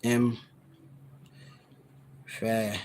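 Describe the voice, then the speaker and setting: A man in a casual scripture study, loose and conversational, reading verses slowly and sounding out words to define them, recorded on a handheld phone. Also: lowish voice, little pitch movement, a little mellow, slight background noise, poor audio. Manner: loose and conversational, heavy on "you know" and "all right". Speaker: Bible teacher. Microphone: handheld phone camera, no tripod.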